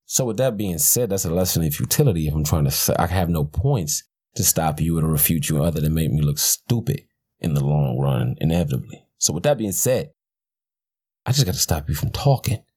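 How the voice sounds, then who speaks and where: A man's voice: a bass voice, lively intonation, fairly quick, darkish tone, slightly rough. A man hosting a podcast, talking in a blunt, profane, rambling way with frequent restarts. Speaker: podcast host. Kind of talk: casual rambling commentary.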